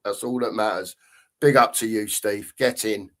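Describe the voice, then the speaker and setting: Chatty football fan host. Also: male voice, on the low side, steady tone, moderate pace, fairly bright tone. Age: middle-aged. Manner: chatty, matey, greets viewers with "big up". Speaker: live stream host reading chat. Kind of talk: casual live chat.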